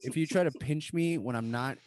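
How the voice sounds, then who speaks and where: A man's voice: mid-range voice, a little fast, darkish tone, no echo. A man co-hosting a casual chat, emphatic and mock-stern in his banter. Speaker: podcast co-host.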